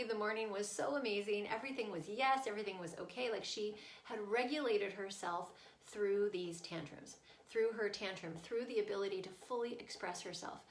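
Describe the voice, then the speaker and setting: Speaking briskly with few pauses, a medium-pitched woman coaches parents on staying present through a child's tantrum. Her explanation is earnest and casual, peppered with "right?", recorded in an echoey room.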